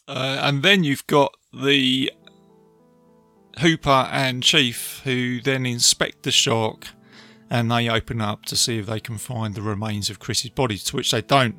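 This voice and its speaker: A man casually recapping a film, chatty and enthusiastic, tossing in quick impressions of lines. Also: mid-range voice, steady tone, bright, forceful tone, dry recording, soft background music. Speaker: film reviewer.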